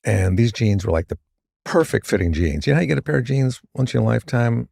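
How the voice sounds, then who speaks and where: A man guest on a talk show, telling a meandering comic story in a deadpan way. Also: medium pitch, quick pace, creaky, no echo, clean studio sound.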